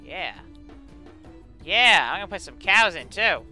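A man giving excited, playful gameplay commentary on a let's play, taunting his opponent and shouting when things happen. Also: sits high, measured pace, soft background music. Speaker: gamer doing a let's play.

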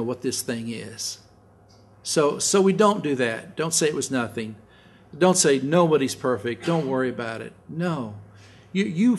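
A male pastor preaching a sermon in an earnest way, often repeating words as he restarts and sometimes dropping to a soft hush. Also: mid-range voice, a little hiss or hum. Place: church sanctuary.

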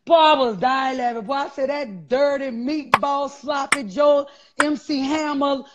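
A man, telling stories loudly and profanely in a casual chat. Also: extremely high pitch, unhurried, very noisy. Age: 40s. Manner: loud, profane, animated storytelling. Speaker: guest. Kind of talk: casual live-stream chat. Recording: dull lo-fi sound.

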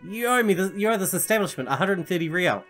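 A man's voice: high voice, expressive, fast talker, fairly bright tone, faint music behind, pitched above the performer's own voice. A man voicing a grumpy, penny-pinching male hostel manager in a game, talking in a sarcastic, exasperated way.

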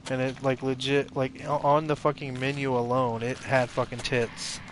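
A man's voice: medium pitch, little pitch movement, moderate pace, noisy background. A young man streaming a horror game, swearing and reacting with jumpy, casual commentary. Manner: profane, jumpy reactions, talks to himself. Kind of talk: casual let's-play commentary.

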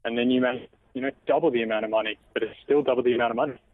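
An Australian man talks quickly and easily, the way a listener calling in to a podcast would. His voice comes through a thin, tinny phone line that sounds very dry. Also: mid-range voice, fairly even intonation, dry recording. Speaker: caller. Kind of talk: casual chat.

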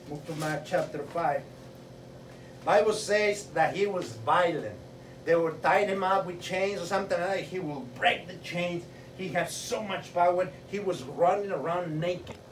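Fervent high-voiced preacher in an echoey room. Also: male voice. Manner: fervent, repeats a rhetorical question, builds to shouting. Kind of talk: sermon. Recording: roomy echo, mic at a distance, faint noise.

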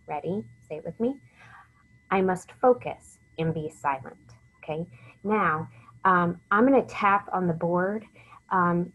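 Woman teacher, low voice, step by step. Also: fairly bright tone, breathy edge, poor audio. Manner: slow, step-by-step, encouraging, often whispers example sentences. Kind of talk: recorded literacy lesson.

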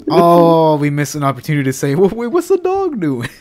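A man's voice: wildly swooping pitch, brisk. A young man making dry jokes while reacting to game results with friends. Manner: dry, joking reactions, drops low for effect. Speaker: friend in the group. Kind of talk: casual gaming banter. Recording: loud background noise.

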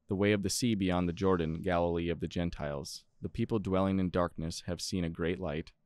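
A man co-hosting a podcast, reading scripture aloud in a steady, plain way with small stumbles. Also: low-pitched, no room sound, clean studio sound. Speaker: podcast co-host.

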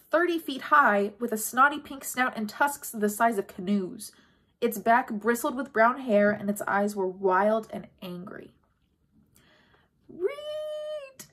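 A woman reading a first-person audiobook chapter, expressive, with a pace that slows and quickens. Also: mid-range voice. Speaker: audiobook narrator.

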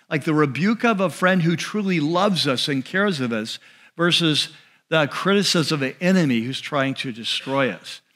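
A male pastor giving a sermon in a conversational way, slowing and dropping his voice on key phrases. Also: fairly high pitch, a bit bright. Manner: conversational preaching with restarts and asides.

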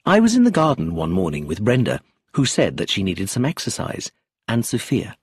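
Man, audiobook narrator, husky, animated pitch, dry close recording. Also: moderate pace, dry recording. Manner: expressive first-person storytelling.

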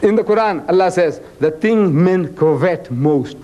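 A man with a South African accent giving a religious lecture to a live audience. He acts out dialogues, teases the crowd and recites Arabic scripture quickly between English lines. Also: high-pitched, lively intonation, dark tone, lo-fi sound, a little hiss or hum. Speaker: Islamic preacher and lecturer.

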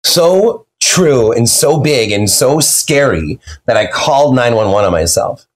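Excitable man telling stories animatedly. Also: mid-range voice, a little slow. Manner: excitable, rambling, acts out quotes. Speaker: podcast guest. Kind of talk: animated storytelling in an interview. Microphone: video call.

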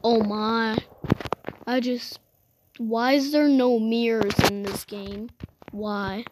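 A woman's voice: on the high side, steady tone, slow, noisy background. A woman giving casual, rambling gameplay commentary, exclaiming often and restarting her sentences. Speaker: gamer.

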